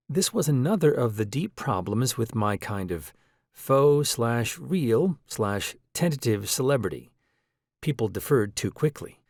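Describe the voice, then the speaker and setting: A man reading an audiobook in a measured, reflective first-person narration. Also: mid-range voice, darkish tone, no room sound, studio quality.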